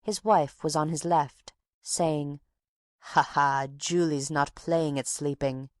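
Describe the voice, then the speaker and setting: In a clean, dry studio recording, a woman reads an audiobook, giving voice to a talkative older woman box-keeper who gossips, tells her tale dramatically and takes offence easily. Her own voice sits low and mellow, steady and slow.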